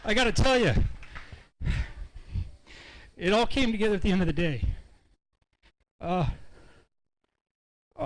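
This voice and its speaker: A man, a tournament angler, telling in an excited, tumbling way how his fishing day came together. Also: high-pitched, poor audio. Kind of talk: casual post-weigh-in remarks.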